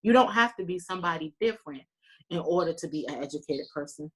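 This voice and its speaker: A woman's voice: low-pitched, animated, fast, a bit bright, slightly rough. A talkative, earnest woman giving folksy closing remarks as a panelist on a video call. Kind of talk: round-table closing remarks. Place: virtual meeting.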